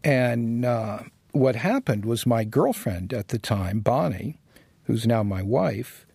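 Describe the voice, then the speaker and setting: Gravelly male designer, relaxed storyteller. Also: mid-range voice, slow, dry recording. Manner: reflective, chuckles while telling anecdotes. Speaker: guest designer. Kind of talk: casual interview conversation.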